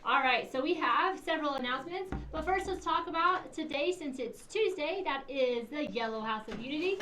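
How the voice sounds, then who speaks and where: Give me a middle-aged woman doing morning school announcements for children, with a high voice and a sing-song, teacherly tone. She sits a little back from the mic in an echoey room, with a faint hiss under her. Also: lively intonation, normal speed, fairly bright tone, far from the mic. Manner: sing-song teacherly, acts out kids' lines.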